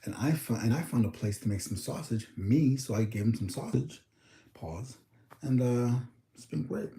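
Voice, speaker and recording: A man's voice: mid-range voice, expressive, normal speed, gravelly, warm tone, reverberant. A young man from the States, chatting casually and rambling on his livestream. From United States. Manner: rambling, talks to chat, thinks aloud with numbers. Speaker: livestream host.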